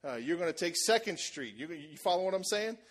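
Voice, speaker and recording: A man preaching a sermon, telling a lively story and acting out the voices of the people in it, with shouts at the high points. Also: fairly quick. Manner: animated, acts out voices, shouts at peaks. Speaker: pastor.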